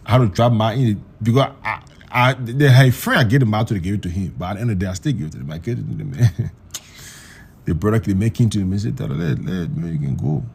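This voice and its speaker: Guy telling a story real fast, animated, keeps repeating himself. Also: fairly low pitch, gravelly, breathy edge. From Liberia. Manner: animated, repeats words, acts out quoted voices. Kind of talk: casual storytelling.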